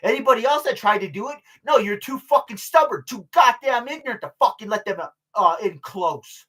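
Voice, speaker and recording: A man's voice: extremely high pitch, expressive, fairly quick, sharp tone, husky. An older man vlogging in a casual, rambling monologue, swearing freely and stalling on fillers. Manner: profane, rambling, many fillers and restarts; laughs between remarks.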